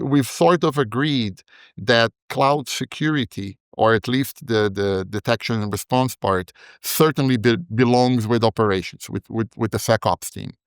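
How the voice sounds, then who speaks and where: A man's voice: medium pitch, smooth, dry recording. A man on a podcast panel discussing cloud security, thinking aloud with frequent restarts and tag questions, over a remote call microphone.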